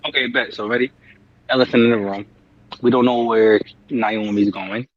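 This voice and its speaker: A man's voice: medium pitch, steady tone, normal speed, no room sound, muffled recording. A man co-hosting a casual wrestling podcast, talking in blunt slangy banter and repeating himself. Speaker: podcast co-host. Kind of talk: casual chat.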